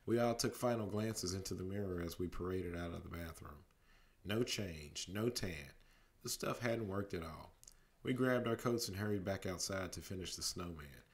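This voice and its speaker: Reading a storybook aloud as a bedtime story, a low-pitched man keeps his narration steady but breaks it up with lively voices for the characters.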